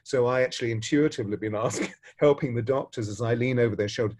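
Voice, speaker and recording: A man speaking as a spiritual teacher tells a parable with dramatic flair. His delivery speeds up and slows down and swells and softens, all at a mid-range pitch. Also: breathy edge. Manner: expressive, dramatic, shifting pace and loudness. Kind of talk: storytelling parable and spiritual talk.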